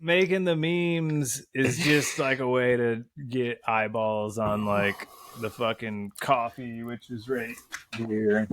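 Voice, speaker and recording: A man's voice: mid-range voice, steady tone, slow pace, fairly bright tone, no room sound. A man talking as a podcast guest in a casual chat, rambling and swearing a lot, often slipping into voices to act out quotes. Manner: rambling and heavily profane; acts out quotes in a voice.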